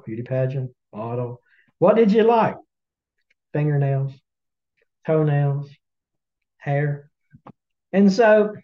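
Man, Southern US accent, drawling storyteller, somewhat high pitch, dull lo-fi sound. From Southern United States. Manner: drawling, chatty, teasing asides with thoughtful hums. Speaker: podcast co-host. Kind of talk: folksy storytelling to listeners.

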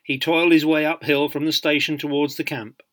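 A man narrating a biography in an audiobook, measured and dryly humorous. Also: fairly high pitch, flat delivery, fairly bright tone.

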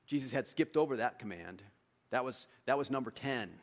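Preaching briskly and with animation, a pastor plays out exchanges with his congregation. His voice leaps up high and loud to stress a point before falling quiet again.

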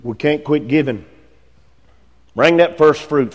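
A man preaching a sermon as pastor, swinging from loud emphatic lines to hushed ones. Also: on the high side, lively intonation, a little slow, in a large hall.

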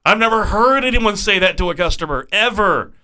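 Male podcast co-host, bright, high voice, chatty and amused. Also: lively intonation, fairly quick, clear, resonant tone. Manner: amused, laughs often. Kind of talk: casual chat.

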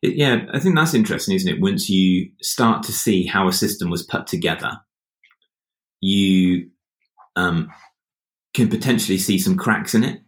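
A man's voice: sits low, moderate pace. A man hosting an interview, reflecting and thinking aloud as he asks questions. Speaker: podcast host. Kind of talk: conversational interview. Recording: roomy echo.

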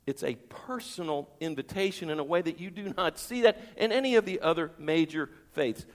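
A man's voice: on the high side, a little fast, hardly any pauses, big-room sound. A man preaching a sermon as pastor, emphatic, with rhetorical questions and repeated phrases.

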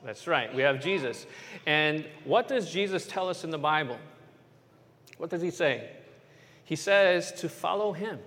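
A man tells a story as a children's sermon. His voice sits a little high, and he keeps checking in with his young listeners. It echoes with a long church-hall reverb. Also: fairly bright tone. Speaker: pastor.

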